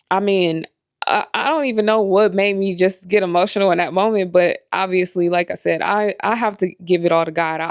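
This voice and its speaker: Low, smooth-voiced woman vlogging. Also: no echo, clean studio sound. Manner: candid, rambling, many fillers. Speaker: vlogger and life coach. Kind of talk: casual talking-to-camera vlog.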